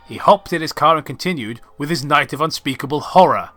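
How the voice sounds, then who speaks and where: A man reads a clumsy rhyming horror story with mock gravity, his voice bright and forceful. He breaks off to sneer at the writing, sarcastic and amused. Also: a little high, animated, a little fast, soft background music. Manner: sarcastic, mocking the text. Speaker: reader of the story. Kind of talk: mock-dramatic comedic reading.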